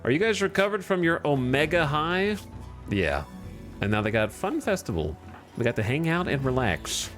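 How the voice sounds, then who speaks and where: A man streams a game and thinks aloud about his next moves, chatting casually in an easygoing way. His voice is a little high, bright and very animated, at a moderate pace, with soft music in the background.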